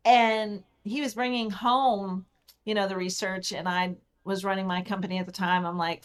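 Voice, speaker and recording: A middle-aged woman speaks as a podcast guest, recounting her own experience in a lively, emphatic way. Her voice sits in a middle register, and she repeats key words to drive them home. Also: medium pitch, moderate pace, smooth. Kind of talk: personal storytelling in conversation.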